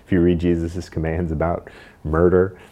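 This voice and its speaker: Male pastor, calm measured sermon delivery, dark flat low voice.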